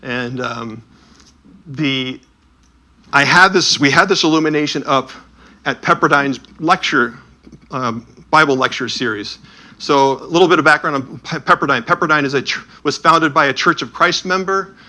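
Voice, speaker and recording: Man telling lively stories, bright voice. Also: fairly high pitch, normal speed. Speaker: presenter of an illuminated Bible. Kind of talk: storytelling talk with slides.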